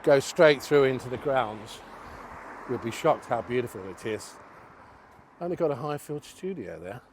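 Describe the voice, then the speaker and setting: A man's voice: medium pitch, expressive, normal speed, slight background noise. A man giving a rambling, self-mocking walking tour outdoors on a city street, chatting to camera. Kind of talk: casual chat to camera.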